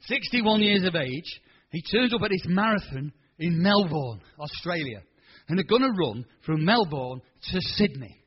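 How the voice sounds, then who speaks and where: A man in his sixties preaching a sermon, telling stories in an animated, colloquial way. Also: high-pitched, moderate pace, highs cut off, a little hiss or hum. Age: 60s. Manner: animated, colloquial storytelling with quoted voices. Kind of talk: storytelling sermon.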